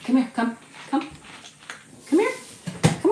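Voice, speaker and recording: Chatty low-voiced woman in echoey room. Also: fairly even intonation, normal speed, noisy background. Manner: chatty, rambling, coaxing her dog in a sing-song voice. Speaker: YouTube channel host. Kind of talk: casual livestream chat. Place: at home.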